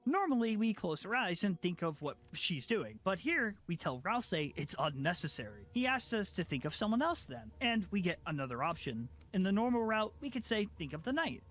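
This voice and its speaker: Male video-essay narrator, scripted, earnest and measured, high voice with a very lively pitch.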